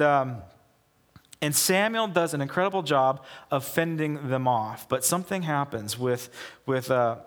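A man preaching a casual sermon as pastor, telling the story in an animated way and acting out the people in it. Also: mid-range voice. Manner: animated storytelling, acts out quoted voices. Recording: long hall reverb.

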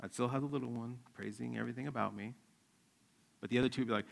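Gravelly-voiced man preaching conversationally. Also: mid-range voice, fairly even intonation, racing. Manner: conversational preaching, acts out his kids' voices. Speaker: pastor. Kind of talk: sermon.

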